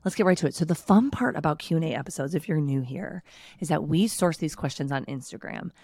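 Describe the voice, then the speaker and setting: A woman's voice: low-pitched, quick pace, darkish tone, no room sound, clean studio sound. A woman, co-hosting a podcast in casual chat and laughing often. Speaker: podcast co-host.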